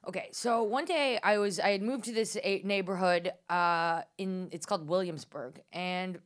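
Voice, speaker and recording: Deadpan woman comedian telling a story. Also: lowish voice, moderate pace. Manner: deadpan storytelling, drops to whispers for quotes. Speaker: comedian guest. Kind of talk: casual chat.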